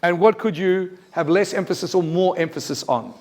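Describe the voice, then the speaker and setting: Guy giving a teacher workshop, upbeat and punchy, throws questions at the room, bit of a higher voice. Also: moderate pace, slight background noise. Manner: lively, emphatic, asks the audience questions. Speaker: teacher trainer. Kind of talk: workshop presentation. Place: university lecture room.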